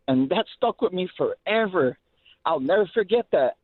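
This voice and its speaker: A man's voice: high-pitched, animated, normal speed, no room sound. A middle-aged man from Los Angeles calling a radio show, speaking in a heartfelt, rambling way and repeating himself. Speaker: caller. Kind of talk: emotional phone call to radio show. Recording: phone line.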